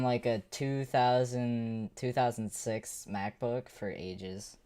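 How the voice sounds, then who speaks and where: A woman's voice: very deep voice, steady tone, slow pace, hardly any pauses, warm tone, a little hiss or hum. A woman streamer chatting casually on a livestream, rambling, swearing and talking to herself as she tinkers with gear. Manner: rambling, swears, talks to herself while working.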